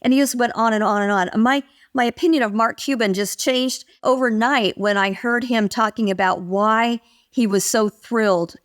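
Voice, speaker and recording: Animated older woman telling stories. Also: fairly high pitch, moderate pace. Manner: animated storyteller, acts out quoted voices. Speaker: guest, motivation expert. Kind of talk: interview conversation.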